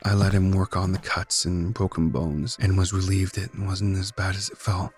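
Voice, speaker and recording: A man narrating a first-person horror story in a measured, tense, brooding way. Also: deep voice, little pitch movement, over music. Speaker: guest narrator.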